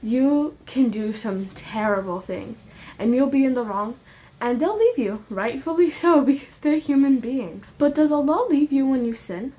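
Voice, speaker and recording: A woman's voice: sits high, lively intonation, normal speed, dark tone. A young woman giving an earnest, emotional religious monologue to her viewers, repeating points with rising emphasis and dropping into casual slang asides. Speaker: faith vlogger.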